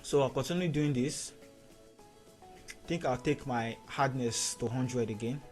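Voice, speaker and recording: Man, screen-recorded software tutorial, steady instructions, repeats key points, mid-pitched voice, faint music behind. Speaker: photo editing tutor.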